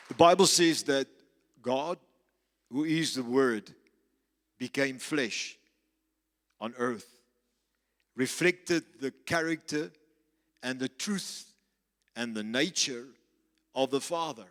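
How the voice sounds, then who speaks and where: A male pastor preaching a sermon, slow and emphatic, repeating key phrases. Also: mid-range voice, a faint crowd. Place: church. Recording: reverberant church hall with faint music.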